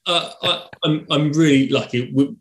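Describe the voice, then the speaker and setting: A man's voice: on the high side, a little slow, echoey room. A man being interviewed as a guest, polite, friendly and modest. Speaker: guest, head teacher.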